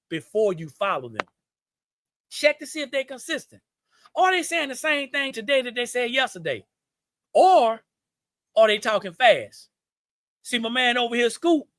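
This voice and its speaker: A man with a Southern US accent gives folksy, preachy business advice on a live stream, repeating his points and calling his viewers y'all. His voice sits high for a man and rings bright. The room sounds dry and close. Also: dry recording.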